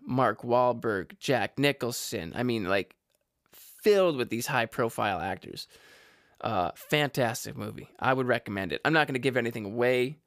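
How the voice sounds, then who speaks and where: A man's voice: mid-range voice, a bit bright, dry recording, studio quality. A man casually rambling through movie recommendations, stumbling over words and cracking jokey asides. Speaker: vlogger reviewing movies.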